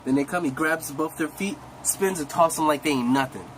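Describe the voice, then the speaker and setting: A young man recaps a cartoon fight scene by scene with loose, slangy excitement, his voice sitting a bit high. He keeps restarting sentences, coughs every so often, and a faint hiss of noise hangs behind him. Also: a little fast, rough recording. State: coughing now and then. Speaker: recap host. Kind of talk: casual anime episode recap.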